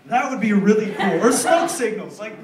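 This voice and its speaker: A young American man performing a rambling, animated stand-up set, acting out voices in his stories. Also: sits high, normal speed, over a noisy crowd. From United States. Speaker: stand-up comedian. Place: comedy club stage. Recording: roomy, distant live club recording with noise. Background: audience laughter.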